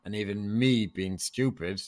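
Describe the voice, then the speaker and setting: A man's voice: lowish voice, a little slow, darkish tone. An Irish man, a podcast guest, telling a story in casual chat and acting out the dialogue. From Ireland.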